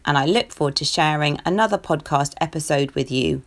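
Woman, podcast host, low gravelly voice, gentle and sincere personal talk. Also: brisk. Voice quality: croaky today. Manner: gentle, earnest, self-disclosing.

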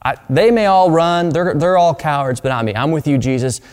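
A preacher voicing an insistent, loyal disciple. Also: male voice, on the low side, fast talker, close to an everyday voice. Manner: protesting, insistent.

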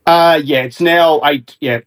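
Australian male guest, fairly high voice, chatty and rambling. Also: fairly even intonation, a little slow, dry recording. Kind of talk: casual podcast chat. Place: home in Melbourne, remote call.

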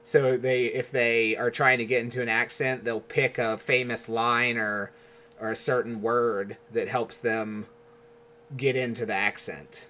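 An American man co-hosting a podcast, chatting casually and telling rambling, animated stories. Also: mid-range voice, a little slow, a little hiss or hum. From United States. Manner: animated storyteller, rambling asides. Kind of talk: casual chat.

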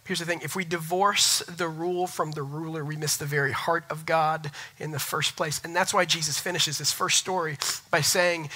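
Bright-voiced emphatic male pastor. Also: fairly high pitch, fairly even intonation, moderate pace, low-quality recording. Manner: emphatic, repeats words for stress. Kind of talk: sermon.

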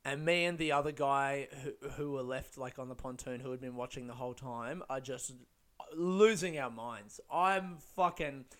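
A man's voice: medium pitch, steady tone, normal speed, a bit bright. A young man telling a rambling, swear-filled story, full of fillers and laughs. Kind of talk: casual storytelling.

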